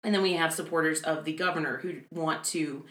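A woman with a low voice recounts history in a relaxed, chatty way, dropping sarcastic asides and laughing often. The room around her is echoey. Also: a little fast. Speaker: podcast co-host telling history. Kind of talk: casual chat.

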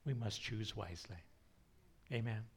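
A man preaching a sermon, emphatic, swinging between raised acted-out quotes and hushed near whispers. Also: breathy edge. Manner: slow, emphatic delivery with wide swings in pitch and loudness. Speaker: pastor.

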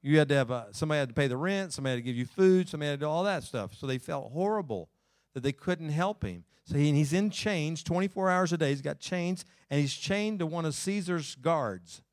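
A folksy preacher, a man with a fairly high voice, delivers his sermon in church. He swings between rising, loud stretches and slow, hushed scripture reading. The sound is dry and close. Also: animated, no room sound. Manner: folksy preaching, building up loud then dropping low for scripture. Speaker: pastor.

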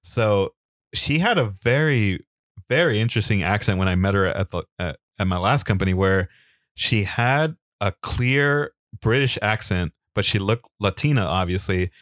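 Relaxed low-voiced man recapping wrestling. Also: no room sound, clean studio sound. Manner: easygoing, rambling with fillers, quick laughs. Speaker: podcast co-host. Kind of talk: casual chat and wrestling recap.

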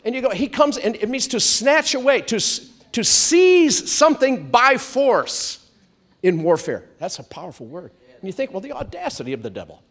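Male pastor, high and expressive, emphatic sermon with call-and-response. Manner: animated, drawn-out emphatic preaching with call-and-response.

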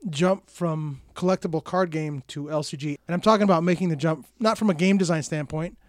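A man's voice: on the high side, a little fast, no echo. A man co-hosting a podcast in casual chat, talking conversationally and often chiming in with agreement. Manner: frequent backchannel agreement, conversational. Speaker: podcast co-host.

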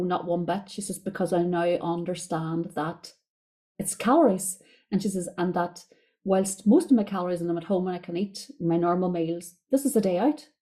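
Chatty Irish woman, warm low voice. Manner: chatty, retells conversations with lots of "she says". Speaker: podcast host and diet coach. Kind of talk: casual storytelling monologue.

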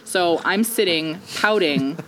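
Animated woman telling a comic story. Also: fairly low pitch, slow, a little hiss or hum. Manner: animated, self-mocking, laughs between lines.

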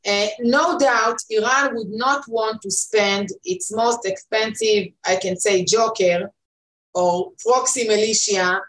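A woman's voice: medium pitch, slow pace, a bit bright. Emphatic Israeli woman analyst. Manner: emphatic, repeats words, frequent fillers. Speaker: interview guest, analyst. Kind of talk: conversational political analysis. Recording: echoey room.

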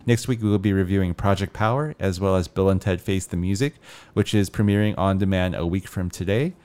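Smooth-voiced man hosting a movie podcast. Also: sits low, a little mellow. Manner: upbeat, reads show announcements briskly. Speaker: podcast host. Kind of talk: casual movie podcast chat.

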